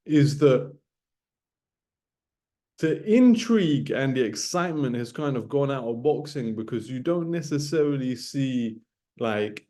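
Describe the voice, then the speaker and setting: A late-thirties man who comments on boxing rants casually to his camera in a mellow, medium-pitched voice. Repetition drives his emphasis, and "man" and "bro" close out his phrases.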